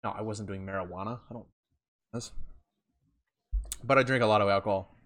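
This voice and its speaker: A man's voice: fairly low pitch, fairly even intonation, a little fast, a bit bright. Young guy goofing off on a podcast, crude jokes, cheap usb mic at home. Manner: joking, loose, crude banter. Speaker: podcast co-host. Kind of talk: casual chat.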